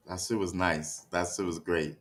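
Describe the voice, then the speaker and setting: A man talking casually to his livestream chat, out of breath and catching his breath, with heavy sighs, stammered restarts and frequent checks like "you know what I mean". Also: low voice. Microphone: streaming setup mic.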